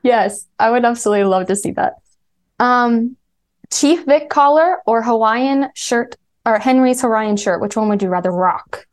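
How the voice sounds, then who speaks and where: A woman's voice: fairly high pitch, normal speed. A woman fan guest asking questions in an eager, giggly casual chat.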